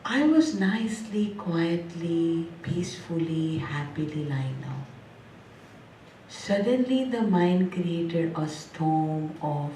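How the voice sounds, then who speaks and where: A woman's voice: fairly low pitch, expressive, slow pace, dark tone, slight background noise. A woman gives a spiritual talk, chatty and playful, laughing often and repeating words rhythmically. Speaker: spiritual teacher. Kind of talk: spiritual discourse with humor. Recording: echoey hall, mic at a distance.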